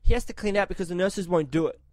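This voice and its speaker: A man's voice: high-pitched, fast, no echo. A man from Australia telling a story on a podcast in casual chat, swearing a lot and raising his voice when he quotes himself. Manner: profane, animated, shouts when quoting himself.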